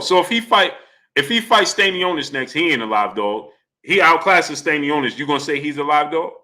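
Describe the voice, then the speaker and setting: A man's voice: on the high side, bright, forceful tone. A man hosting a boxing livestream, talking casually, greeting chatters by name and firing the same question again and again.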